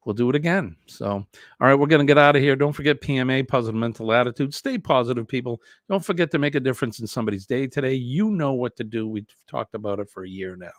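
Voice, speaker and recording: A man's voice: medium pitch, fast, no room sound, studio quality. A man from New Hampshire with a New England accent, hosting a live show in a jokey, chatty way and laughing often. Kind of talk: casual live-stream chat.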